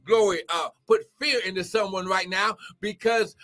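A man preaching as pastor and prophet on a live stream, fervent and shouting, breaking into tongues. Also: sits high, normal speed, hardly any pauses. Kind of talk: charismatic live-stream sermon. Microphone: live-stream microphone.

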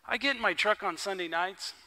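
A man preaching a conversational sermon at a church worship service, an excitable and enthusiastic storyteller. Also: high-pitched, a little fast. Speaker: pastor.

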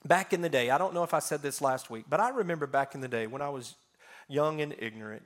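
Male pastor, fairly high voice, lively sermon storyteller, loud-to-soft swings. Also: quick pace. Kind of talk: sermon with personal stories.

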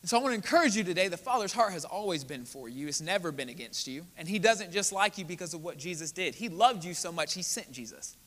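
Pastor, male, bright forceful sermon voice, reverberant sanctuary. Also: high-pitched, lively intonation, fast, hardly any pauses. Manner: earnest, building to emphatic preaching. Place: church sanctuary. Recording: church hall with long reverb.

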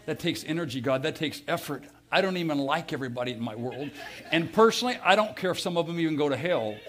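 A middle-aged American man preaching a sermon, telling stories with feeling and swinging from loud to hushed. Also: on the high side, animated, fast. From United States. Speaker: pastor.

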